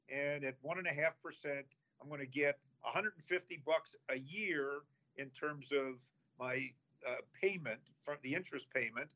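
A man who manages investments, giving halting, measured explanations in a casual finance chat. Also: a little high, pushed and bright, dull audio.

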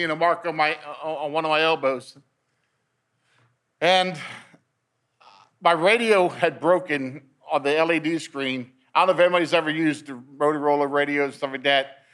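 A man's voice: fairly high pitch, a bit bright. A man giving a personal testimony at a men's meeting, telling his story in a storytelling way and repeating words as he gets caught up in it.

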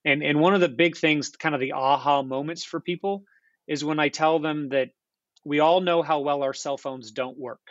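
A man's voice: a little high, steady tone, moderate pace, a bit bright, no room sound, highs cut off. A man, an internet provider's founder and CEO, answering interview questions in an earnest, explanatory way with frequent restarts. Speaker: ISP founder and CEO, guest. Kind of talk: casual podcast interview answers.

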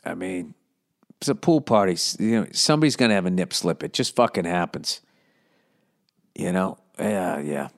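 A man's voice: low voice, expressive, normal speed, gravelly. A man hosting a casual advice podcast, talking in a blunt, profane, rambling way. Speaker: podcast host answering listener questions.

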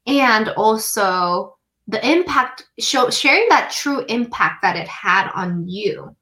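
A woman from the United States, a guest in a conversation, telling a personal story earnestly, with frequent "um" and "like" and some slowed phrases for emphasis. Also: medium pitch, lively intonation, sharp tone, low-quality recording.

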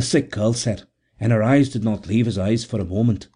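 A man reading a story aloud in measured, even narration. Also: on the low side. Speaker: audiobook narrator. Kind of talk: scripted narration.

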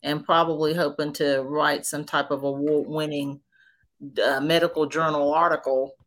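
A woman's voice: sits low, level tone, normal speed, fairly bright tone. A woman hosting a podcast interview, reacting with exclamations and reflecting on her guest's story. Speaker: podcast host. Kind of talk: casual interview.

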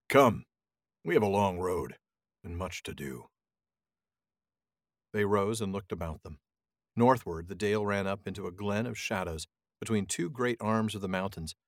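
A man with a fairly low voice reads a novel aloud in a measured, dramatic way before slipping into easy podcast chat. His sound is dry and close, with no room around it. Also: no room sound. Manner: dramatic, measured reading voice that drops low for narration. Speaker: podcast co-host reading aloud. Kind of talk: reading a novel aloud, then casual discussion.

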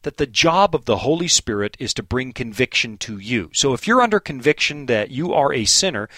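A man's voice: medium pitch, sing-song, a little fast, fairly bright tone, no echo. A man answering listener questions in a preaching style, earnest and emphatic, quoting scripture and telling stories.

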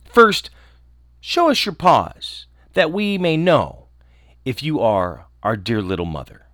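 Brief: male reader as small defiant goat kids, loud insistent lines, dry sound. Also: mid-range voice, sing-song, unhurried, dry recording.

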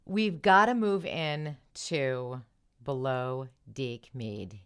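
A woman's voice: very deep voice, very slow, clean tone. A woman hosting a podcast, retelling reality TV scenes in casual chat and acting out the quoted lines. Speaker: podcast host.

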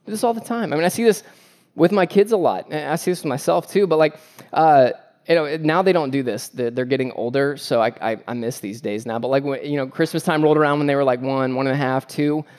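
A man's voice: a little high, quick pace, darkish tone. A man preaching a sermon as pastor, earnest and emphatic, with repeated phrases and joking asides about family life.

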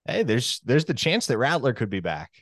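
A man's voice: mid-range voice, sing-song, moderate pace, no room sound, studio quality. A man who reports on recruiting, co-hosting a sports podcast in a confident, matter-of-fact way. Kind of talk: casual sports chat.

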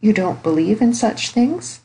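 A woman reading the part of a sharp, skeptical young niece in an audiobook, speaking in an insistent, pert way. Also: medium pitch, animated, a little slow, pitched above the performer's own voice, rough recording.

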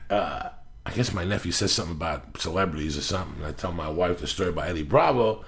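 Gravelly low-voiced man telling stories. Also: fast. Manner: profane storyteller, acts out quotes. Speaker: podcast host. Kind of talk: casual chat. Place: Los Angeles area.

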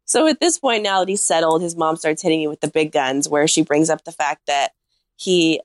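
A woman with a fairly low voice tells a funny story on a podcast, chatty and animated and leaning on "like." The sound is dry and close, with no room around her. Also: moderate pace, no echo. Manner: animated anecdote-teller, heavy use of "like". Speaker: podcast guest. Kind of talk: casual comic storytelling.

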